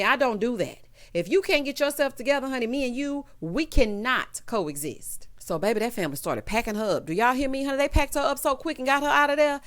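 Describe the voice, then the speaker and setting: A woman hosting a reality TV recap, telling it like a story with sassy, animated commentary and acted-out quotes. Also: fairly high pitch. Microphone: voice-over without camera.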